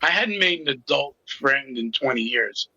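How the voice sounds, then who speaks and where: A man's voice: mid-range voice, animated, normal speed, pushed and bright, breathy edge, no echo, highs cut off. A middle-aged man telling his personal story as an interview guest, candid and with a sarcastic sense of humor. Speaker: interview guest, recovery coach.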